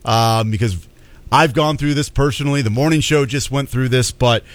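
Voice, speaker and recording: A man's voice: medium pitch, moderate pace, dry recording. A young man hosting a casual sports radio show, rambling and restarting his sentences. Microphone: studio microphone.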